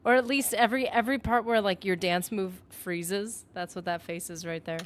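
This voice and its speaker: Rambling, animated woman streamer. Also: medium pitch, moderate pace. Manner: rambling, animated, heavy use of "like". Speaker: gaming streamer. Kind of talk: casual live-stream commentary.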